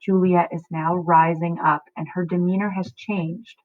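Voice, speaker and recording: A woman's voice: fairly low pitch, level tone, measured pace, few pauses, no room sound. A woman teacher reading a play aloud and explaining it to students, checking in often. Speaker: English teacher. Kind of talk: read-aloud lesson. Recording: tinny phone-like audio.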